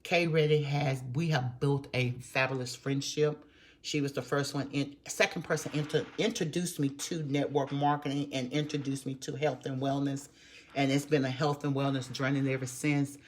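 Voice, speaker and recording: A woman's voice: a bass voice, fairly even intonation, moderate pace, a little hiss or hum. A woman, giving a live-stream motivational talk as a network marketer and speaking with emphatic repetition to her viewers. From Texas. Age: 50s. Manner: emphatic, repetitive, preachy, addresses viewers as y'all.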